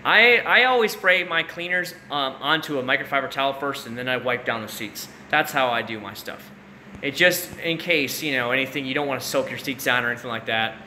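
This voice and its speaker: A man's voice: medium pitch, a little fast, bright, forceful tone. Rambling man on a late-night livestream. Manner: rambling, casual, chats with viewers by name. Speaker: livestream host. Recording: roomy echo with faint room noise.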